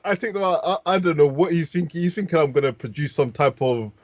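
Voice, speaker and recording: A London podcast host with a London accent animatedly tells stories on a casual show, heavy with slang. His voice is a little high and quick, recorded on a dull, dry podcast mic with no room sound.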